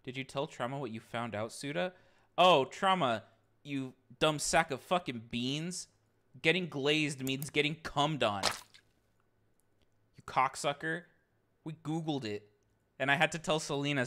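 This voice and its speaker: Bright, excitable, foul-mouthed male streamer. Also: a little high, a little slow, long pauses. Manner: profane, excitable, bursts into loud outbursts. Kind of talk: live-stream banter.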